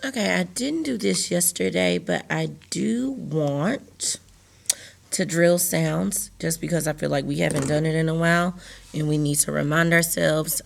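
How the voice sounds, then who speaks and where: A woman teacher giving a recorded lesson to young students, slowly enunciating words and sounds for them to repeat. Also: deep voice, gravelly. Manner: slow, deliberate, enunciating words for young learners.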